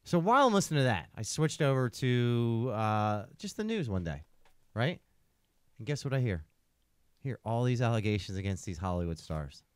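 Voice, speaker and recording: A man's voice: mid-range voice, sing-song, moderate pace, smooth, no echo. A man hosts a casual podcast, spinning a long, rambling story and checking in with "right?" every few lines. His voice sits in an ordinary middle range. The recording is dry and close. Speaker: podcast host.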